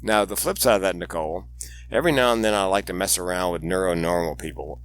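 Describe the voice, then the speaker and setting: A man's voice: low-pitched, fast talker, no room sound. A man in his sixties, a suicide prevention speaker, telling stories animatedly in an interview and putting on voices for the people in them. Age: 60s. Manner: animated joking storyteller, acts out voices in anecdotes. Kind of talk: storytelling interview chat.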